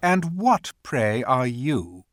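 Stern storybook queen, haughty and commanding, slow and clipped; man voices her. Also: medium pitch, sing-song, dry recording, studio quality, pitched above the performer's own voice. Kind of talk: audiobook character voice.

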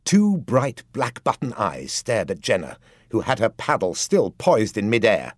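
Expressive, husky male audiobook narrator. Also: lowish voice, a little slow, no echo, clean studio sound. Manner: expressive storytelling. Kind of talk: scripted narration.

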